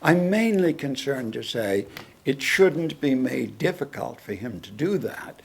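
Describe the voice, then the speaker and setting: A man, a guest lecturer, answering audience questions in a lecture hall in a deliberate, wry manner. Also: medium pitch, sing-song, vocal fry, slightly rough.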